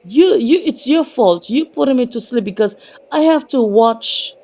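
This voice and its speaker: Woman, giggly and playful, casual live-stream chat, slightly high voice, dull lo-fi sound. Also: expressive, moderate pace, a little mellow. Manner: giggly, playful, stumbles for words. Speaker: panel participant.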